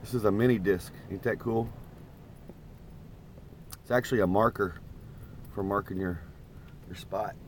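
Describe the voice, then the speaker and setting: A middle-aged man with a somewhat low voice talks to his live-stream viewers from inside a parked camper van. He rambles in a folksy, easygoing way, with a faint low rumble of wind behind him. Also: unhurried, pauses often. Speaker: vlogger. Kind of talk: casual live-stream chat.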